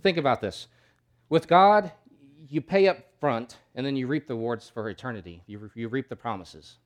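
A male pastor preaching a sermon, emphatic, asking rhetorical questions and swinging between loud and soft. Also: mid-range voice, moderate pace.

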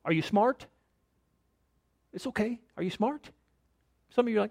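A male pastor preaching a sermon with rhetorical questions, rising to emphatic lines and dropping to a hush. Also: high voice, animated, normal speed, vocal fry. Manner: dynamic preaching, rhetorical questions, drops to near-whisper for emphasis.

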